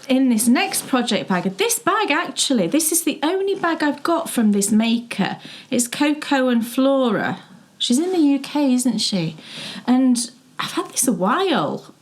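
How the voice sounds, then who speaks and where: A middle-aged woman co-hosting a knitting show, chatting casually and telling stories with frequent laughs. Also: a little high. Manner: chatty, storytelling, laughs often. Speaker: podcast co-host.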